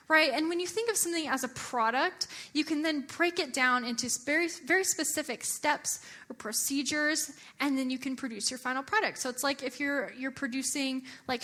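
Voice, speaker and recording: A young adult woman giving a chatty, animated church talk, often using filler words. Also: sits high. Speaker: church speaker.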